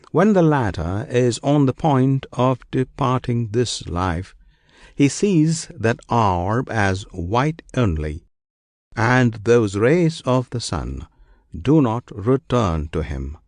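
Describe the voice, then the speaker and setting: A man narrates ancient scripture at an unhurried, deliberate pace, letting each phrase settle before the next. His lowish voice rises and falls with lively, expressive pitch. The recording is dry and close, with no room sound. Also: dry recording. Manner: slow, measured recitation with solemn pauses. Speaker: audiobook narrator.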